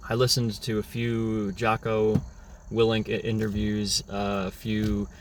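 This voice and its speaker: A man's voice: lowish voice, completely flat delivery, unhurried, a little hiss or hum. A young man talking through a casual, rambling reflective monologue, often restarting his words. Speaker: vlogger.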